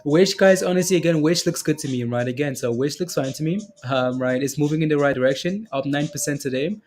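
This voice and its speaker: A man's voice: a little high, brisk, darkish tone, a little hiss or hum. A man hosting a casual trading livestream, rambling with many fillers as he reads out viewer questions. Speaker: stock and crypto livestream host.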